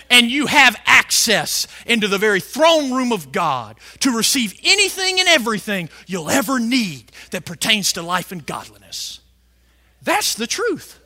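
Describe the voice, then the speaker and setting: A male preacher delivering a fiery sermon, shouting some lines and stretching words out slowly for emphasis. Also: very high-pitched. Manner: fiery, shouting emphasis with big swings in loudness.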